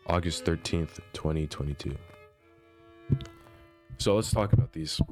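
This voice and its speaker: A young man with an extremely deep, low voice talks softly and earnestly, often hesitating and trailing off. He sounds like a vlogger reading his own diary aloud and reflecting on it, with quiet instrumental music playing faintly behind him. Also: measured pace, pauses often. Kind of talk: reading a personal diary entry aloud, then reflective monologue.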